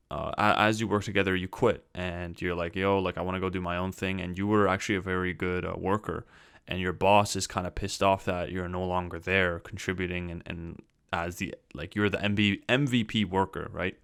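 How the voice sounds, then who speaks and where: A man's voice: low-pitched, a bit bright, clear, resonant tone, no echo, studio quality. A young man vlogging, telling a story in an exasperated, ranting way. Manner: exasperated, ranting, swears when quoting himself. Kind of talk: casual storytelling to camera.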